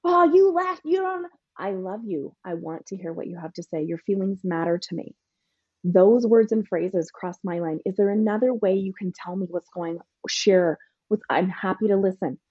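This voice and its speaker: Her voice sits on the low side, slightly rough, with a steady tone and moderate pace, as this parenting coach answers an interview question. She's punchy and emphatic, now and then voicing parent and teen lines. There's no room sound, and the highs are cut off.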